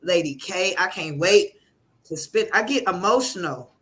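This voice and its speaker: Woman, bright voice, effusive testimonial guest, emotional. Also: lowish voice, expressive, measured pace. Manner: fervent, effusive, praising God. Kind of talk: emotional testimonial on a live call.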